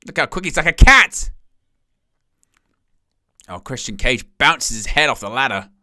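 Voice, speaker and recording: A man hosting a live wrestling watch-along, calling the action with excited gasps and exclamations. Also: mid-range voice, a little slow, no echo, studio quality. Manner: animated, exclaiming "oh" at each move. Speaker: wrestling live-stream host.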